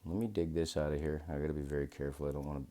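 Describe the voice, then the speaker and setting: A man's voice: very deep voice, steady tone, very fast, mellow. A man hosting a watch modding video, chatting casually and rambling to himself as he works. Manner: rambling, talks to himself, self-deprecating. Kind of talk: casual narration while working.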